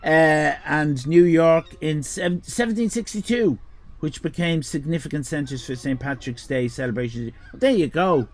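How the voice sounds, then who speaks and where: A man's voice: a little high, normal speed. An Irish man in his fifties chatting with his live chat as a streamer, prone to playful mock-indignant rants. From Ireland. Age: 50s.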